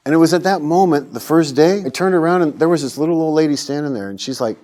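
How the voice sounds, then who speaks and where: A middle-aged man from the United States, an interview guest telling his life story in an earnest, animated way, acting out the voices of people he quotes. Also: fairly high pitch, fast, hardly any pauses.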